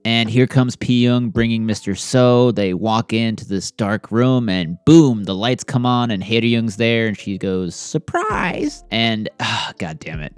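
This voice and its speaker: Low, smooth-voiced man recapping drama. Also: dry recording. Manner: blunt, slangy and profane, wry asides. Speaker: TV drama reviewer. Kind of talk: casual recap and commentary.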